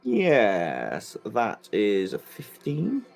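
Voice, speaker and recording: A man playing a tabletop game, describing his character's actions in an animated way. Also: on the low side, extremely slow, gravelly. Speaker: player.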